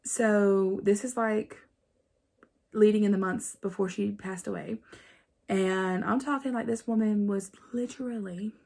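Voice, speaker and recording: Appalachian woman vlogger, mid-pitched and heavily creaky, loose chatty storytelling. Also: steady tone, measured pace, a little mellow. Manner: rambling, chatty, many fillers. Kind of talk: casual storytelling to camera.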